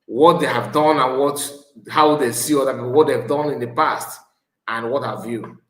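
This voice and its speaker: A man giving casual, drawn-out commentary, pausing often between remarks. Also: mid-range voice, fairly even intonation, fairly bright tone, reverberant. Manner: slow, drawn-out remarks with frequent pauses. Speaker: channel host reacting to a clip.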